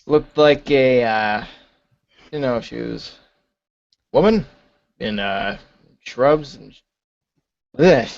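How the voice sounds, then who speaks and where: A man's voice: medium pitch, slow pace, gravelly, pauses often, highs cut off. A man playing a tabletop game, talking casually with slang. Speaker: player.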